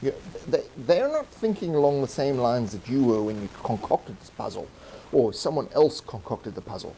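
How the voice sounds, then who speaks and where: A man with a mellow, lively voice explains how to help stuck players. The audio is poor, with faint noise underneath. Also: mid-range voice, moderate pace. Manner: instructive. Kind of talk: explaining game tips.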